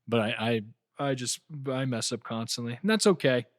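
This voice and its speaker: A man's voice: medium pitch, animated, moderate pace, no room sound, clean studio sound. Easygoing man in casual podcast chat. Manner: easygoing, reflective, rambling restarts. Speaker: podcast co-host.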